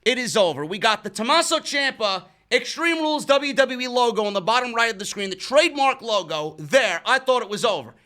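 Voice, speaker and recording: Male reviewer, high-pitched and bright, profane and exasperated recap. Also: lively intonation, a little fast, few pauses. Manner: profane, exasperated, stumbles over words. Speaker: wrestling show reviewer. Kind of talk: casual recap and rant.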